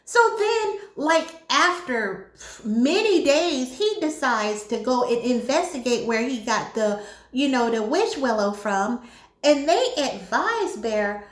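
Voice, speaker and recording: A high-voiced woman chats about a movie and retells the plot with animated flair, turning to her viewers as she goes. Her voice bounces around a roomy, echoing space. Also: slow. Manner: animated storytelling, talks straight to viewers. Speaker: movie reviewer. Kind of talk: casual chat.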